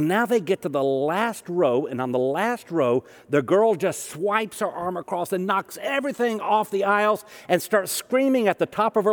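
Male minister, fairly high voice, relaxed storytelling sermon, reverberant hall. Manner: storytelling, conversational with humor.

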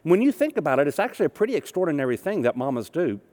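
Man, minister, sermon, conversational, humorous storytelling, slightly high pitch. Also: very animated, very fast, darkish tone, big-room sound.

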